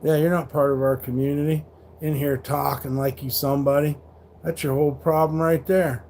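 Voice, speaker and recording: A middle-aged man livestreams from a truck stop, swearing freely as he goads trolls in his chat. His voice is dark and mellow with a flat, level pitch. A faint hum of background noise sits under the recording. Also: moderate pace. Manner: confrontational, profane, taunting chat trolls.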